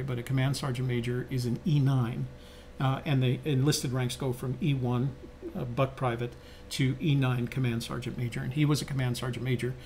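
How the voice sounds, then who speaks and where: A man's voice: medium pitch, a little mellow, a little hiss or hum. An older man co-hosting a podcast, telling stories in a reflective, conversational way with frequent fillers and restarts. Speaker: podcast co-host. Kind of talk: reflective storytelling.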